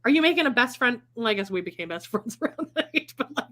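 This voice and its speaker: A woman's voice: fairly high pitch, expressive, quick pace, a bit bright. A young woman co-hosting a casual chat, reading a book aloud and breaking off with sarcastic, mocking asides. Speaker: podcast co-host.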